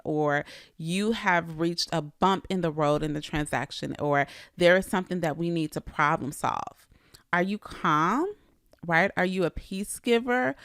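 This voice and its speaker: A woman's voice: sits low, fairly bright tone, no echo, studio quality. A woman real estate coach, talking straight to her listeners and asking them pointed questions. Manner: direct, conversational, asks the listener questions. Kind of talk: coaching talk to agents.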